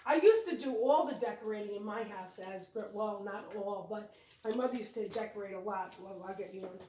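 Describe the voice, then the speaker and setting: This time she speaks fairly quickly at medium pitch with a dark tone. The decorating-channel co-host chats, rambles, and fixes her own wording while showing holiday decorations near the tree, captured by a far-off mic in an echoey room.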